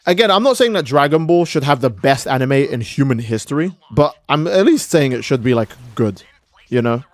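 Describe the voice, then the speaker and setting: A man's voice: mid-range voice, lively intonation, brisk, no echo. Profane, heated male streamer ranting. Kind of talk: casual live-stream rant.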